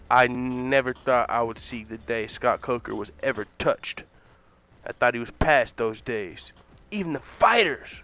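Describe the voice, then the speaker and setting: A man telling a comic fantasy story in an animated, profane way, laughing often. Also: mid-range voice.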